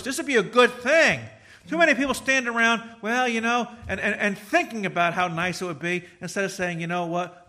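Older man, pastor, lively sermon, higher voice, bright tone. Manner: animated preacher, voice rising and falling.

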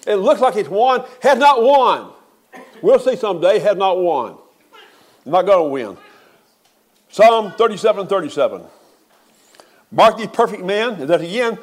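An older pastor preaching a funeral sermon in a high voice. He talks in a folksy way and rises to emphatic, stretched-out peaks. His delivery is homespun and heartfelt.

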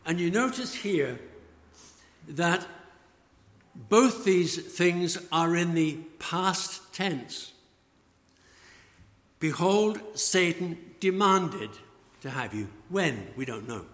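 A man preaching a sermon, slow and emphatic, letting phrase ends fall away. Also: on the high side, lively intonation, a bit bright. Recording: long church reverb.

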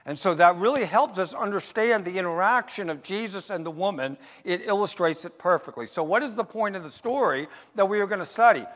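High-voiced preacher in an echoing hall. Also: male voice, expressive, a bit bright. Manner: asks rhetorical questions and answers them; emphatic, slows down to stress points. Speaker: pastor. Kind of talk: sermon.

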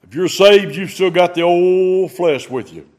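A man preaches an unhurried sermon. His slightly raised voice is folksy and conversational. He swings from loud emphasis to hushed asides. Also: high voice.

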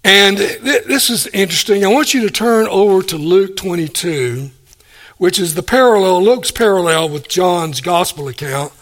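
A man preaching a sermon, animated, acting out the people he quotes and chuckling between points. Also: high-pitched, normal speed. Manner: animated, acts out quoted speakers.

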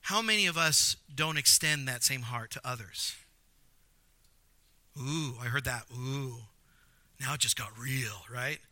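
A man preaching a sermon, animated, with jokey asides and emphatic repetition. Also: medium pitch, unhurried, pauses often, dry recording. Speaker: pastor.

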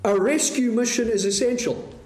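A man preaching a sermon, measured and full of rhetorical questions to the congregation. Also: very high voice, darkish tone, reverberant.

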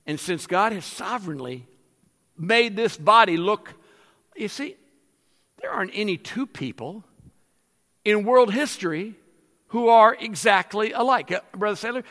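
A man's voice: sits high, sharp tone, big-room sound. A man preaching a sermon as pastor to his congregation, with emphatic exhortations.

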